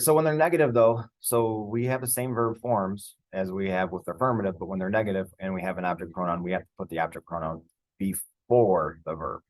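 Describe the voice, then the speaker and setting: A man teaching Spanish grammar over slides, relaxed and conversational, with frequent fillers and restarts. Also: low-pitched, no room sound, low-quality recording.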